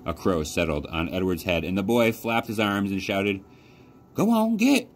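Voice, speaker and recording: Deep-voiced man reading a storybook aloud. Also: moderate pace, a little hiss or hum. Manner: expressive storytelling with lively pitch. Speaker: library youth services coordinator. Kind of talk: children's book read-aloud.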